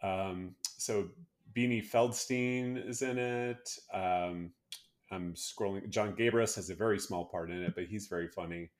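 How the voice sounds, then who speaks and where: A man co-hosting a casual podcast, speaking hesitantly with many pauses and fillers. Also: low-pitched, steady tone. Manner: hesitant, lots of uh and um, laughs easily. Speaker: podcast co-host. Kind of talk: casual chat.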